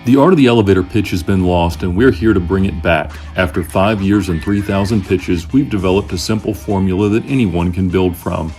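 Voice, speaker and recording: A man reading a brisk, punchy scripted intro as the show's announcer. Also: sits low, a little mellow, soft background music. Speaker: show announcer.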